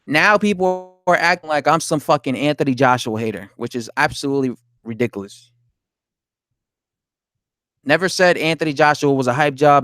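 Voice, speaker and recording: A casual boxing live stream features a man whose voice is on the high side, captured in clean studio sound with no echo. He reads viewers' comments out loud and replies to them, swearing, laughing and indignant as he talks to chat.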